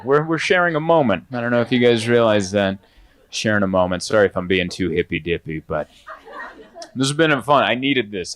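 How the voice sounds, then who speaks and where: A man in his thirties performing stand-up in a club, telling stories conversationally and acting out other people in quick put-on voices. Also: fairly low pitch, fairly bright tone. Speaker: stand-up comedian. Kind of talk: stand-up comedy set. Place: comedy club stage before a laughing audience.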